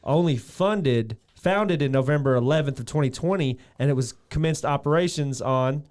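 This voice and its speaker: A man on a podcast shares trivia in a casual tone and throws in edgy jokes. His voice is clear and smooth. He sounds relaxed, like he is chatting with a friend. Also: mid-range voice, moderate pace. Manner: joking, reads out background facts. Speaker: podcast co-host.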